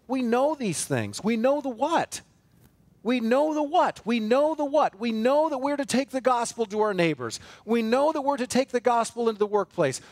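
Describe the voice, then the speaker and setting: A man's voice: high voice, a little mellow, dry recording. A man preaching a sermon as pastor of a church, earnest and emphatic, building force through repeated phrases and rhetorical questions. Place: church sanctuary.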